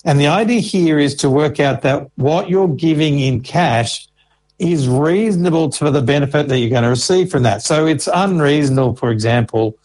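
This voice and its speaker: A man's voice: on the high side, moderate pace, darkish tone, poor audio. A man, an information officer answering interview questions patiently and walking through examples step by step. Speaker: Services Australia financial information officer.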